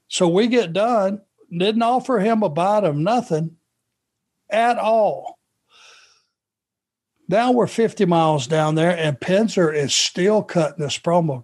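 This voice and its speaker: A middle-aged man from Georgia, a former wrestler telling road stories in a relaxed, anecdotal way. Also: sits high. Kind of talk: podcast storytelling.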